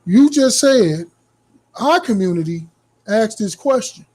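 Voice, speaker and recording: A man's voice: sits high, animated, takes it slowly, darkish tone. A man on a podcast who challenges the other host and argues back in a casual way. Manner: challenging, argumentative.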